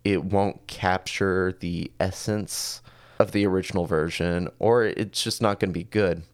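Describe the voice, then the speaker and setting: A man with a low voice talks through a podcast episode as its stand-in host, chatty and easygoing, poking fun at his own slips. His voice comes across smooth and clear in a dry, close recording. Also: steady tone, unhurried, no room sound. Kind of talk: casual podcast talk.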